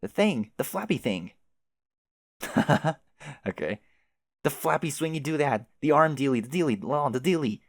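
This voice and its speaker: A man reading aloud and voicing an excitable teenage girl who stammers out frantic exclamations. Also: a little high, a little slow, long pauses, no echo, clean studio sound, voice pushed up.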